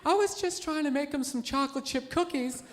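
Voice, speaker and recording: A man's voice: very high-pitched, fairly quick, long reverb tail. A male comedian voicing a woman on a talk show playing innocent in a whiny tone, on a noisy stand-up recording. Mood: self-pitying.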